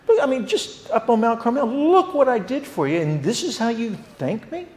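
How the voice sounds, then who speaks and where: A man's voice: very high voice, sing-song, moderate pace, a little mellow, reverberant, big-room sound, voice pushed up. A man voicing a theatrical biblical prophet, first mocking, then whining and sorry for himself. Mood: self-pitying. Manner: exaggerated, mocking whine. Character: theatrical male biblical prophet, taunting and self-pitying.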